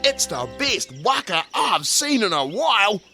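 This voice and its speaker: A man's voice: high voice, big pitch swings, a little slow, faint music behind, pitched above the performer's own voice, heavily acted. A man doing a bossy little girl. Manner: bossy, shouting orders. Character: bold little girl leading the crew.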